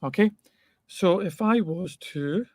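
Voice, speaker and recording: A man's voice: sits high, slow pace, dry recording, clean studio sound. A man teaching a live online physics lesson in a chatty way, with jokes and asides to his students.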